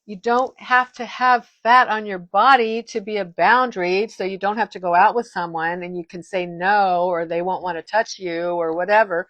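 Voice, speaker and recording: A woman's voice: mid-range voice, steady tone, moderate pace, few pauses, a bit bright, no room sound, muffled recording. A woman in her fifties giving a casual direct-to-camera monologue as a wellness vlogger, emphatic, firm and blunt, often restarting her sentences.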